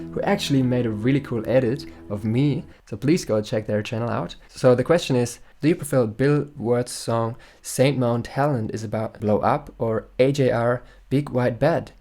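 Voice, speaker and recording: Young guy doing a chill q&a vlog, jokey, a little guitar music low in the background. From Germany. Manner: chatty, upbeat, jokey, reads out comments. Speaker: YouTube musician answering viewer questions. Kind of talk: casual Q&A vlog. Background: faint guitar music.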